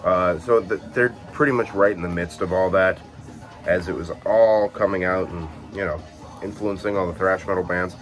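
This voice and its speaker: A young man with a very low voice talks casually through his collection, full of fillers and quick self-corrections. He sounds relaxed, having only just woken up. Some faint music plays in the background. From Illinois, USA. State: just woke up. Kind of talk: casual chat.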